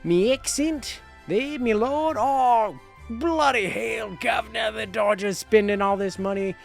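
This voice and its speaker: A man voicing a pompous male town crier in a mock British accent, proclaiming loudly. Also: a little slow, gravelly, soft background music. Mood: blustering. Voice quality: high, loud proclaiming.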